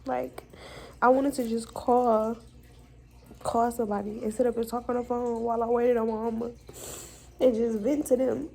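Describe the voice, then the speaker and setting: A woman's voice: fairly high pitch, level tone, moderate pace, gravelly, long pauses, mellow, low-quality recording. A young woman, venting frankly and with profanity in a personal vlog. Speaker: vlogger.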